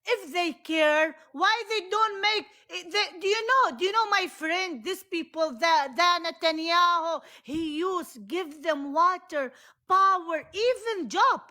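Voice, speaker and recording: Loud, bright high-pitched woman arguing. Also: measured pace. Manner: loud, heated, broken English, insistent "okay?". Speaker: guest caller on a livestream. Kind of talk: heated live debate.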